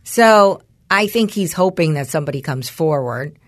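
A woman in her forties co-hosts a casual podcast, telling a story with lots of pitch movement. She slips in and out of quoted voices as she goes. The sound is dry and close. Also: expressive, moderate pace, no echo. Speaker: podcast co-host. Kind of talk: casual chat.

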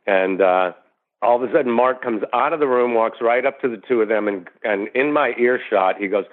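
A man with a lowish voice tells a story as a guest, slipping into the voices of the people in it. His voice comes through a thin, phone-like line. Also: normal speed. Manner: animated storyteller who acts out quoted voices. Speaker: actor guest. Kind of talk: storytelling interview anecdote.

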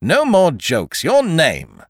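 A man reading a storybook, voicing a stern middle-aged magistrate who questions with gruff distrust. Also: mid-range voice, sing-song, moderate pace, no echo, studio quality. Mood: sharp.

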